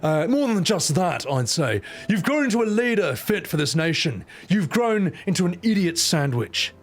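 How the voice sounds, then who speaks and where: A man's voice: high voice, very animated, moderate pace, soft background music, voice pushed up. A man voicing a proud older male leader in a game cutscene, speaking in a stately tone that he breaks with crude insults. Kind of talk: playful dub-over of a game cutscene.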